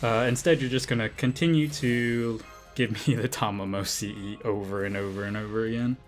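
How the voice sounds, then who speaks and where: A man commenting on his gacha rolls, getting excitable, swearing and pleading with the game. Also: on the low side, normal speed, faint music behind. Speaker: game streamer.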